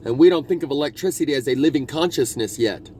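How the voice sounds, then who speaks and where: A man's voice: medium pitch, fast talker, dark tone, slight background noise. A man talking in a meandering spiritual monologue, restarting his sentences and pressing hard on key words. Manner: meandering, restarts often, intense emphasis. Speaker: video blogger.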